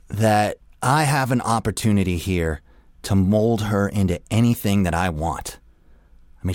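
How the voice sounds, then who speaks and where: A man's voice: lowish voice, dry recording, clean studio sound. A young adult man hosting a radio show, delivering a crude, profane, rambling comedic rant.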